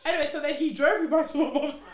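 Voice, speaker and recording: A woman's voice: high voice, very fast, reverberant. A young woman telling a story in casual chat, acting out quotes and often laughing. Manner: animated, laughing storyteller who acts out quotes.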